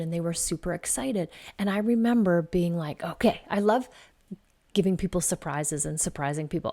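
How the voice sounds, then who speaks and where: Chatty middle-aged woman telling a story. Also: fairly low pitch. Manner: chatty, laughs often, drops to soft whispers on tender points. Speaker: podcast host and life coach. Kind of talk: casual personal storytelling.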